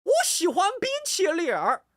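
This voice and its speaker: A high, exaggerated mainland Chinese Mandarin voice, as a man puts it on. It swoops up and down in a sing-song way, much higher than the speaker's own voice. It is lively and bouncing, with a dry, close sound. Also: moderate pace, no echo, heavily acted.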